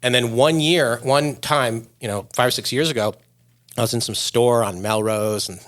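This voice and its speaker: A middle-aged man from New York, hosting a podcast in casual chat and telling stories with quick impressions. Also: mid-range voice. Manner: animated storyteller, does quick impressions. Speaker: podcast host.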